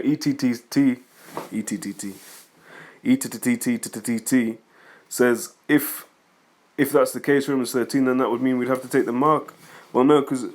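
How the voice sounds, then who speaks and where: Casting: man, mid-pitched, informal scripture teacher, rambling, argumentative, talks back to critics. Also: darkish tone. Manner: rambling, conversational, reads scripture aloud then comments; argumentative, addresses critics directly. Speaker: religious teacher.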